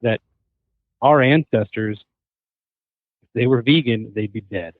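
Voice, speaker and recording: A man's voice: medium pitch, a little slow, no echo. A man in his thirties, a hunter and chef guest on a podcast, telling stories animatedly and acting out what others said. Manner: animated storyteller, acts out quotes. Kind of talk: casual podcast chat. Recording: tinny phone-like remote line.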